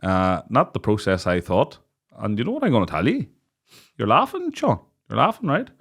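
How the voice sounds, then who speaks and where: A man's voice: mid-range voice, moderate pace, husky. A man in his late thirties with a Northern Irish accent, hosting a podcast and telling crude stories with lots of laughter. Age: late 30s. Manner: laughing storyteller, crude jokes, lively. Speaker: podcast host. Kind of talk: casual chat.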